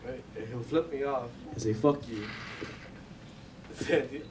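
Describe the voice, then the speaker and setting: A young man speaks at a memorial gathering, telling loose, rambling stories with fillers and laughter between them. He sounds off-mic, with steady background noise around him. His pitch sits in a normal male range. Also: a little slow, distant mic. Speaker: family member giving a eulogy. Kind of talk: informal memorial speech.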